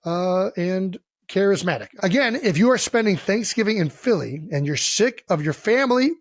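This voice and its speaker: A high-pitched man from Ohio riffs loudly through podcast banter, swearing freely and joking between segments. His voice sits close on a dry studio mic with almost no room sound. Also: expressive, normal speed, dry recording. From Cleveland Heights, Ohio. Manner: loud, profane, joking. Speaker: podcast co-host.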